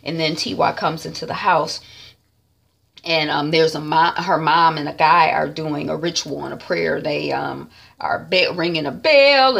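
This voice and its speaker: A woman recapping a TV episode in a loose, chatty way, leaning heavily on fillers. Her voice sits low, with a gravelly, husky texture. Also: moderate pace, a bit bright. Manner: chatty, rambling, frequent fillers. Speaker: TV series reviewer.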